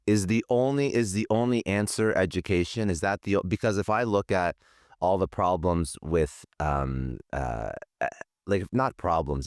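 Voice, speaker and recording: A man's voice: deep voice, clear, resonant tone, no room sound, studio quality. A man hosting a podcast, asking long, thoughtful, winding questions. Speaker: podcast host. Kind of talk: interview questions.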